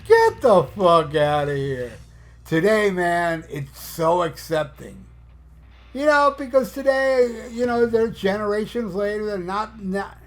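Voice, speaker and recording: A man in his fifties, a podcast host, ranting in an excited, profane way in bursts with fillers. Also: high voice. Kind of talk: casual opinionated rant.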